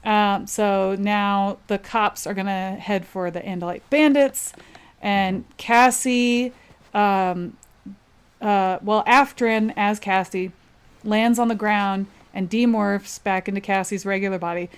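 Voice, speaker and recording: Woman co-host, smooth clear voice. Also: medium pitch, fairly even intonation, takes it slowly. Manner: laughs often, filler-heavy retelling. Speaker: podcast co-host. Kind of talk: casual chat recapping a book.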